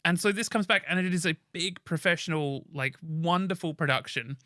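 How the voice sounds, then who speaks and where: A man co-hosting a podcast in casual chat, excitable and rambling, with the odd swear. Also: fairly high pitch, moderate pace, dry recording, studio quality. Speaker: podcast co-host.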